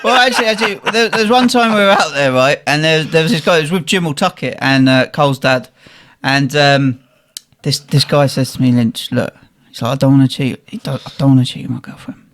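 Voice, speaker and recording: A man's voice: a little high, fairly quick. A man co-hosting a podcast, telling rowdy stories in casual chat, laughing often and acting out the people he quotes. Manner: animated, laughing, acts out quotes. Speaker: podcast co-host.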